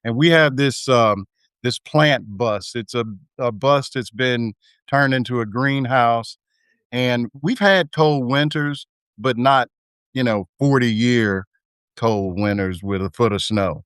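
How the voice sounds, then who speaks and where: A man speaks as a guest in a laid-back live chat, his voice smooth and resonant. He stops and restarts often, padding his talk with fillers, and the sound is dry with no room echo. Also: medium pitch, a bit bright. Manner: halting, full of fillers and restarts. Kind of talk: casual live video chat.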